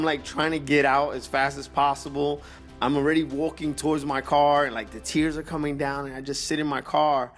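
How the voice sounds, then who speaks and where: A man telling a personal faith testimony, halting with fillers, then building into a fervent exhortation. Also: fairly high pitch. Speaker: motivational speaker.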